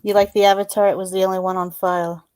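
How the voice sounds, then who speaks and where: A woman's voice: mid-range voice, little pitch movement, quick pace, darkish tone. A middle-aged woman chatting as a guest on a live stream, giving short, easygoing answers. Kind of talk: casual livestream chat.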